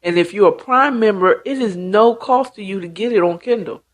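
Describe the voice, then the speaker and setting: A woman's voice: medium pitch, normal speed. A woman host casually retelling a book's plot in a chatty, slangy way, with asides to the listener. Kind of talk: casual storytelling recap.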